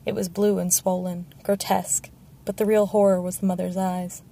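A woman's voice: lowish voice, flat delivery, moderate pace, creaky, warm tone. A woman narrating a fantasy novel as an audiobook, telling the story steadily and evenly. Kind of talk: scripted narration.

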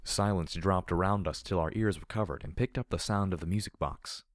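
A man narrating an audiobook of dark fan fiction in a steady, measured storytelling voice. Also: low-pitched, dry recording, clean studio sound.

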